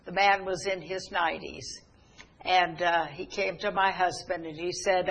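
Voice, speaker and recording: A woman's voice: fairly low pitch, fairly even intonation, moderate pace, creaky, a bit bright, husky, rough recording. A middle-aged woman preaching a sermon, telling stories earnestly, with frequent restarts and fillers. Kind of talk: sermon storytelling.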